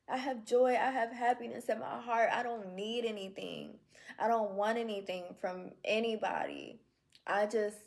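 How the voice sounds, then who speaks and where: A woman recording a heartfelt video journal, speaking in slow, affirming, repeated phrases. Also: mid-range voice, creaky, a little mellow. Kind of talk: reflective self-talk video journal.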